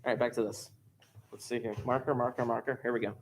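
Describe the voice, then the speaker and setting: A man's voice: mid-range voice, flat delivery, fast talker, slight background noise. A man teaching a class, explaining step by step and repeating key points, recorded in a classroom. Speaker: math teacher. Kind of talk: classroom lecture.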